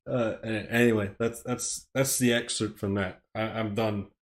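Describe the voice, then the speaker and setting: A man's voice: on the low side, steady tone, normal speed, hardly any pauses. Man, American accent, streamer, casual script reading, rambling, self-deprecating, chuckles between phrases. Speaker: streamer, host.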